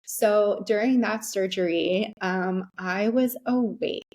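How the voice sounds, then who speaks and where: A young adult woman speaks as a podcast guest, recounting her own experience in an open, candid way. She talks in a middle pitch, often pausing on ums and restarting sentences as she goes. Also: darkish tone. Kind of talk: conversational storytelling.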